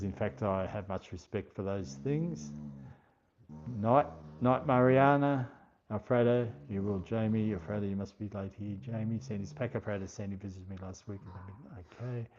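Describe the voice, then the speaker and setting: A man's voice: deep voice, darkish tone. An Australian man hosting a casual livestream, chatting unhurriedly, reading out viewer comments and thanking each viewer by name. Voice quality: unhurried, slower speaking. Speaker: livestream host. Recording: dull lo-fi stream audio.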